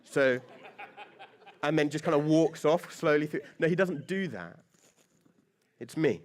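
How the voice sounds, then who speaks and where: A man's voice: a little high, a little slow. A man preaching a sermon as pastor, conversational and joking, with lots of rhetorical questions.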